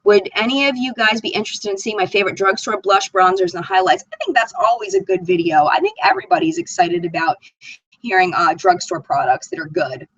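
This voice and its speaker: A woman's voice: mid-range voice, very animated, brisk, a bit bright, no echo, highs cut off. A woman hosting a live makeup chat stream, reading viewer comments aloud and gushing over them. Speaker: beauty channel host.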